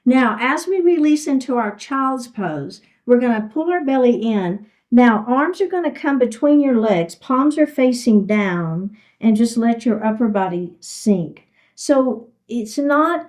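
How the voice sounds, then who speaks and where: A woman with a slightly high, lively voice leads a chair yoga class at an unhurried pace, offering encouraging step-by-step cues for each move. Her tone is a little mellow and she sounds slightly out of breath. The recording is rough.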